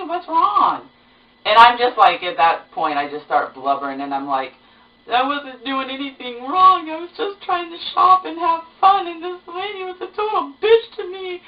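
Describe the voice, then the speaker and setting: Lady vlogging a story, chatty, kinda far from the mic in an echoey room, dull sound. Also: low-pitched. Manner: chatty, animated retelling with lots of fillers. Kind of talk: casual storytelling to camera. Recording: roomy, distant, dull sound.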